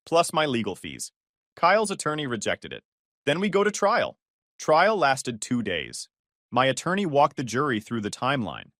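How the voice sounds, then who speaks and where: A man's voice: medium pitch, fairly bright tone, dry recording, clean studio sound. A man narrating a first-person revenge story in short, clipped sentences. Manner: clipped, terse delivery.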